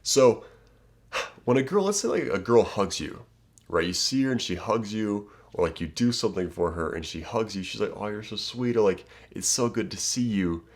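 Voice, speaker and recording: A man's voice: on the low side, animated, moderate pace. A man coaching viewers on dating in a casual, emphatic way, often checking in with "okay?" and "right?". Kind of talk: direct-to-camera advice talk.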